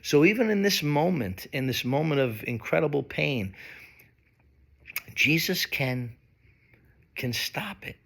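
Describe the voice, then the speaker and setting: Man, pastor, sermon, slow deliberate delivery, gravelly tone. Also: fairly high pitch, expressive, a bit bright. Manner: slow, emphatic preaching with dramatic pauses.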